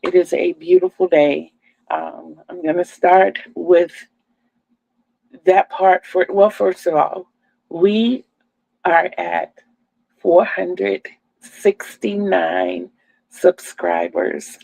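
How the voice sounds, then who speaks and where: Slow, gravelly older woman. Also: on the low side, fairly even intonation, dark tone, dry recording, poor audio. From Virginia, USA. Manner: chatty, homey, speaks to viewers as "y'all". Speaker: crochet channel host. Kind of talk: casual livestream chat.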